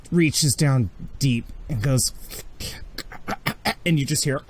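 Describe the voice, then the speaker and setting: A man's voice: medium pitch, darkish tone, a little hiss or hum. A man narrating a tabletop game as game master, telling it vividly with occasional restarts. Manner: vivid, graphic storytelling with restarts.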